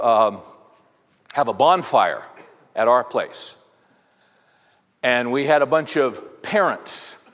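In a reverberant hall, a middle-aged man preaches conversationally to an audience of men, wandering through anecdotes and tossing rhetorical questions to the crowd. His voice is mid-range and a bit bright.

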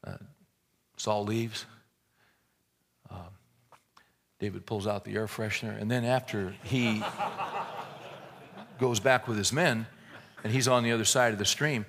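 A man's voice: on the low side, steady tone, measured pace, long pauses, fairly bright tone, slight background noise. A man preaching a sermon, retelling a scripture story in a folksy, joking way and often repeating words as he restarts a thought.

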